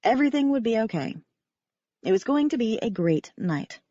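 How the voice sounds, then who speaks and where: A woman reading a first-person audiobook in a wry, expressive narration. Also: a little high, normal speed, dry recording, lo-fi sound.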